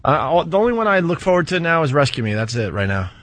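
A man's voice: a little high, big pitch swings, fast, a bit bright. A man hosting a podcast in laid-back casual chat, steering the conversation and the clip playback. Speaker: podcast host.

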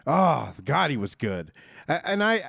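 A man's voice: on the high side, sing-song, a little slow, vocal fry, fairly bright tone, no echo, clean studio sound. A man in his thirties co-hosting a casual wrestling chat, rambling and jokey with mock-announcer asides. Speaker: podcast co-host.

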